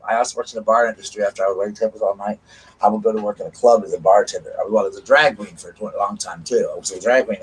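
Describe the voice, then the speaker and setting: A man's voice: fairly low pitch, slight background noise, low-quality recording. A man with a Southern US accent hosts a casual live stream from home, chatting and gushing as he greets viewers by name. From South Carolina, US.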